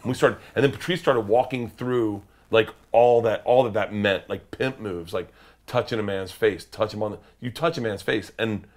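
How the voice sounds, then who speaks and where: A man, a comedian guest, telling animated profane stories and acting out the other people's voices. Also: on the low side, normal speed. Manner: lively, profane, acts out voices. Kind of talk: animated storytelling.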